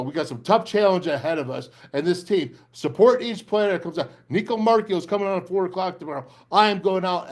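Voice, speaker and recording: An older man hosting a sports talk show, fiery and rambling as he gives a pep talk. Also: on the high side.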